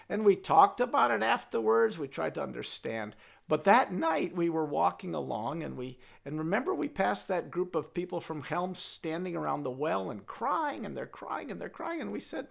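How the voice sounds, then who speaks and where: Gravelly older man telling a folktale. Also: high voice, normal speed. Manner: animated, playful, talks to his donkey puppet. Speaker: storyteller.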